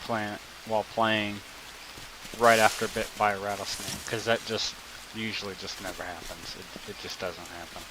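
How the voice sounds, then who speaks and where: Drawling man over loud rain. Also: fairly low pitch, normal speed. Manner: relaxed, drawling, many fillers. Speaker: game tutorial host. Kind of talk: casual gameplay tutorial commentary. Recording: loud game rain noise behind. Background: loud rain and jungle game sounds.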